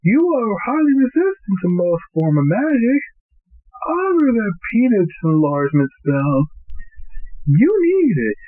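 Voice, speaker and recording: A man voicing a bubbly, teasing cartoon pony mare in a high falsetto for an amateur fan fiction reading. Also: big pitch swings, measured pace. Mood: playful. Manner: shrill jumps up into falsetto. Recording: tinny, phone-like lo-fi audio.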